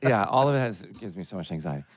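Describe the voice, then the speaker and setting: Brief: fairly low, fast male host, loose and chatty, dry sound. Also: expressive, dry recording. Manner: rambling, quick with fillers and restarts. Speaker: podcast co-host. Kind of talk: casual chat.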